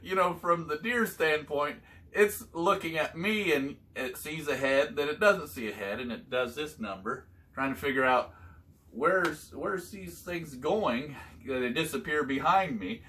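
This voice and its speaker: An older man telling his son hunting stories from years back, in a halting, casual way with many fillers. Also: a little high, sharp tone, slight background noise. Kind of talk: casual storytelling chat.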